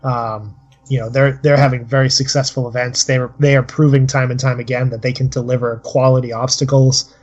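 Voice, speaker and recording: A man's voice: mid-range voice, little pitch movement, fairly quick, darkish tone. Rambling man on dull lo-fi audio. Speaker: podcast co-host. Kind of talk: casual podcast chat.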